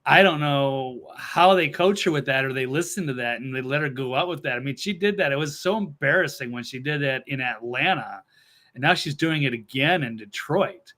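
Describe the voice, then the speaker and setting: Blunt, bright-voiced man talking politics. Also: mid-range voice, normal speed. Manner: blunt, opinionated. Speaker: co-host. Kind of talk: casual political talk show chat.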